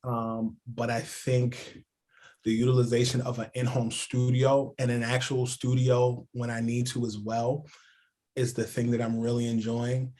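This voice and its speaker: A sports journalist, guesting on a casual podcast, tells stories in an animated way, loaded with "like" and "yo." His voice is medium-pitched and unhurried.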